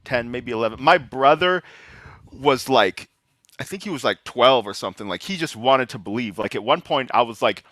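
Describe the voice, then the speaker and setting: A man chatting casually on a podcast, telling stories in a relaxed way with lots of fillers. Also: medium pitch, moderate pace, no echo, clean studio sound. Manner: relaxed storytelling, many fillers. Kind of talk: casual chat.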